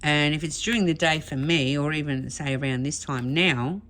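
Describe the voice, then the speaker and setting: A woman's voice: low voice, moderate pace, a little hiss or hum. A middle-aged woman hosting a craft vlog, telling a funny story to camera in a chatty, laughing way. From Australia. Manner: chatty, laughing, animated retelling. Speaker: craft channel host.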